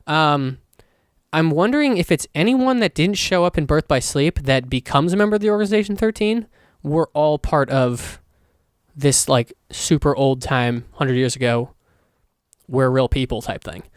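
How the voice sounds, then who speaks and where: A man's voice: on the high side, moderate pace, clean tone, dry recording, studio quality. Rambling, profane young man podcasting. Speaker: podcast host. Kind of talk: casual solo podcast rambling.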